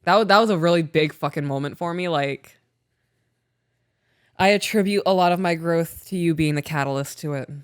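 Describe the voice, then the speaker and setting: A woman's voice: lowish voice, brisk, clear, resonant tone, no echo, studio quality. A woman co-hosting a podcast, talking openly and emotionally about her relationship in casual chat, swearing freely. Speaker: podcast co-host.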